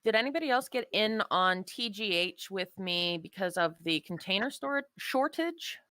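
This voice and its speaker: A woman in casual group voice chat, matter-of-fact and quick to explain how things work. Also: mid-range voice, expressive, pushed and bright, no echo. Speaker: voice chat participant.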